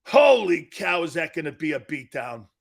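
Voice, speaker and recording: A man's voice: fairly high pitch, very animated, moderate pace, creaky. A man hosting a live sports talk show, brash and trash-talking, reading out listener comments and laughing often.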